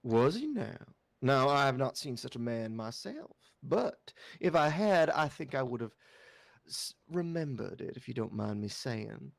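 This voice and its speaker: A man's voice: medium pitch, very animated, unhurried, creaky, dry recording, studio quality. A man playing a huge, proud woman baker. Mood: polite.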